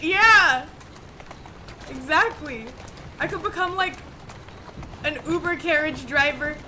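A young woman streaming a video game, reacting excitably with squeals and shouts. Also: high-pitched, slow pace, slight background noise. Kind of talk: live game-stream commentary.

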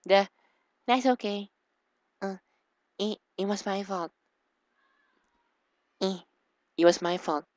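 A man voicing a shy teenage schoolgirl who speaks softly and stammers. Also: sits high, dry recording, voice pushed up. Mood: timid. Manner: soft, halting, stammering.

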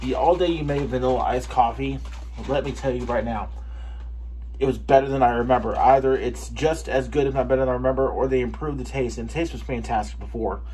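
A man reviewing a pre-workout supplement in a casual taste-test vlog, excitable and swearing for emphasis. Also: mid-range voice, brisk. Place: home gym.

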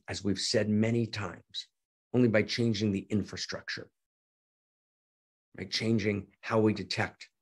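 An effusive man hosting an online gathering over a video call, talking excitedly with frequent repeats and restarts. His voice is low, gravelly and husky. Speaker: teacher and host of an online gathering. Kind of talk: excited spontaneous talk to an audience.

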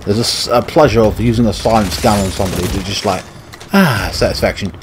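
A man's voice: lowish voice, fast, slight background noise. A man with a British accent commentating his own gameplay, frustrated and swearing as he rants. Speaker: gaming channel host. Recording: game gunfire loud behind voice. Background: video game gunfire and explosions.

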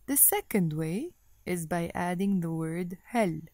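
A woman giving a recorded Arabic language lesson, speaking deliberately and repeating each word for the learner. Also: lowish voice, lively intonation, dark tone, no echo. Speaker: Arabic teacher.

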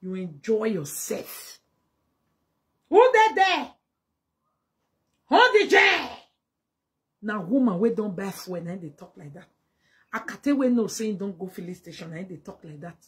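A woman with a Nigerian accent delivering a mocking, scolding monologue to camera, slipping into Pidgin and breaking into loud exclamations. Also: fairly low pitch, brisk, breathy edge. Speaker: vlogger. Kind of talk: casual direct-to-camera monologue.

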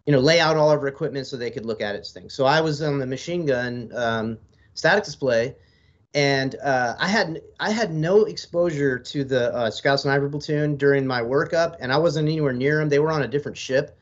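A man's voice: medium pitch, brisk. A man in his forties, a military veteran guest on a podcast, telling long rambling stories in casual, profane language. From United States. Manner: profane, rambling, laid-back storyteller. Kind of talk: casual storytelling in an interview. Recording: slightly dull lo-fi audio.

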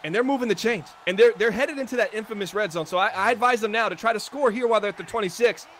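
Man, color commentator, analytical, quick delivery, faint background noise. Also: sits high, fairly bright tone. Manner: analytical, chatty, self-deprecating. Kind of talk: video game sports commentary.

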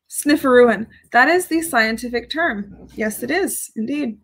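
A woman with a slightly high-pitched voice chats casually at home while reviewing perfumes. She giggles often and reads out viewer comments as she goes. Her delivery is loose and conversational. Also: expressive, measured pace, gravelly, few pauses, a bit bright, breathy edge, rough recording. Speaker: fragrance reviewer. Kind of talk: casual live-stream chat. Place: home with dogs.

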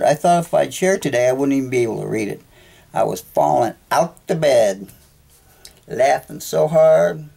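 A man with a gravelly, creaky voice hosts a solo podcast. He rambles in a chatty, joking way and often cuts himself off mid-thought. His pitch sits in a middle range. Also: warm tone. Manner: chatty, jokey, self-interrupting. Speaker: podcast host.

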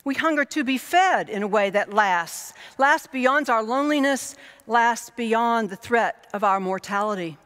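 A woman pastor delivering a reflective sermon in a measured way, building her points through lists and repetition. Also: fairly high pitch, animated, fairly bright tone, clean tone. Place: church. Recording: long reverb of a church hall.

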